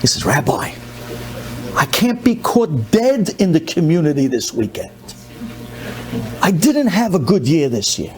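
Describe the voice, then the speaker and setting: A man's voice: fairly high pitch, measured pace, pauses often, slight background noise. A middle-aged man from the United States, a rabbi telling a story in a sermon and acting out the people in it. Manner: animated storyteller, acts out the people in his story.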